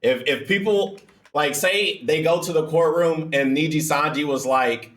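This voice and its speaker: A man hosting a reaction video, talking in excitable, profane, laughing banter. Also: fairly high pitch, normal speed, echoey room. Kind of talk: casual reaction commentary.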